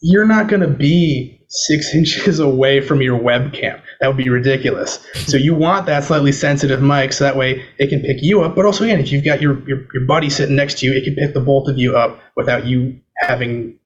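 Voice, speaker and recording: A man talking casually over a video call, explaining audio gear as a podcast guest, with a relaxed, filler-heavy manner. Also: medium pitch, brisk, few pauses, dull audio, a little hiss or hum. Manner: relaxed, chatty, lots of fillers like "you know" and "um". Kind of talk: casual explanatory chat, demonstrating microphones. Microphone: switching between webcam mic and USB condenser over a video call.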